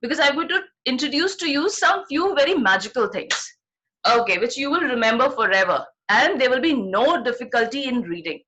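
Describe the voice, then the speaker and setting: High, lively Indian woman teacher. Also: fairly quick. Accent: Indian English. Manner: encouraging, repeats "right?" to check understanding. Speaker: primary school teacher. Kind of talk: online phonics class for young children. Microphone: video call.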